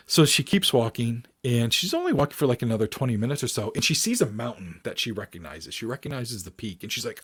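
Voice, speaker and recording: A man's voice: medium pitch, fast talker, hardly any pauses, breathy edge. A man, a paranormal researcher guest, telling a story in casual chat and acting out the people in it. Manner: animated storyteller acting out quoted voices.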